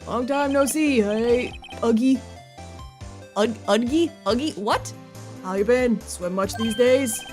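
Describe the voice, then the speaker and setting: A woman's voice: a little high, takes it slowly, darkish tone, soft background music. A woman voicing a jovial older male police chief with a hearty, playful way of talking, while playing a video game. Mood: jolly.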